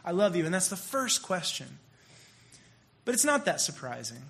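A young adult man giving a comedic monologue in an animated way, acting out the voices of people he describes. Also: high-pitched, moderate pace, vocal fry. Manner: animated, acts out quoted voices. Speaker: speaker.

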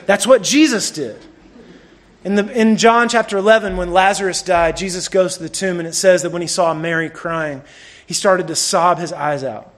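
A man preaching a sermon in a lively, conversational way, swinging between loud bursts and hushed lines. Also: sits high, moderate pace. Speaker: pastor.

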